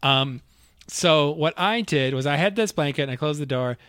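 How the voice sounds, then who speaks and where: A man with a noticeably high voice co-hosts a casual podcast. He tells his stories animatedly and keeps breaking into laughter. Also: normal speed, clean tone, no room sound. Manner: animated storytelling, laughs often. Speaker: podcast co-host. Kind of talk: casual chat.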